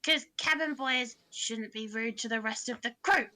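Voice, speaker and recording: A woman voicing a blunt masked male tinkerer in a tabletop game, slow and deadpan. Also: on the high side.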